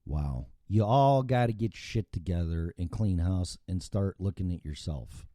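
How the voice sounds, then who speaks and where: A man's voice: low voice, expressive, a little slow, warm tone, no echo, clean studio sound. A middle-aged American man hosting a show, ranting with profanity and heavy sarcasm. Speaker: show host. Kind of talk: solo political rant.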